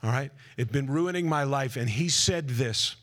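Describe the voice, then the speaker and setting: A man preaching to a live conference audience, energetic and direct, with a voice in the middle of the male range. He breaks in with jokey asides and keeps checking whether the crowd is following him. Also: mid-range voice, moderate pace. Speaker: conference speaker.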